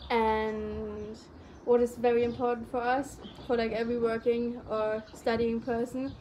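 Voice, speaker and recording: Young German-native woman, slightly high voice, loose rambling chat, faint noise behind. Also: level tone, unhurried, darkish tone. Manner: rambling, many fillers. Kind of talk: casual chat.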